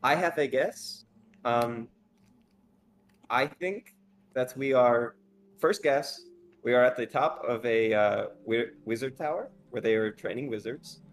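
A man's voice: mid-range voice, unhurried, a little hiss or hum. A man playing a tabletop game, thinking aloud with hesitant fillers. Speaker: player. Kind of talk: casual tabletop play.

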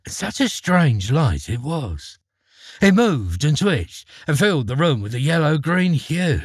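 A man tells a fairy tale with expressive, dramatic storytelling. His voice is husky and slightly raised, and it rises and falls widely, recorded close and dry. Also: fairly high pitch, a little slow, no echo. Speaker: narrator. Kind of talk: storybook narration.

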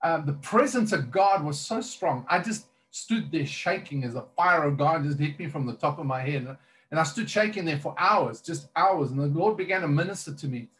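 A man's voice: on the high side, animated, normal speed, a bit bright. A man who is a minister, earnestly telling a personal testimony in conversation, rambling with many fillers and restarts.

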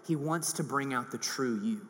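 A man preaching a sermon in a casual, animated way with many fillers. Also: mid-range voice, moderate pace. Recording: long hall reverb.

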